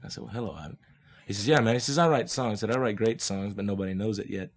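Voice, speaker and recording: Fast-talking man telling stories. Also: fairly low pitch. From Oklahoma. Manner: laid-back hip slang, laughs often, acts out voices in his stories. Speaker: guest musician. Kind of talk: casual storytelling.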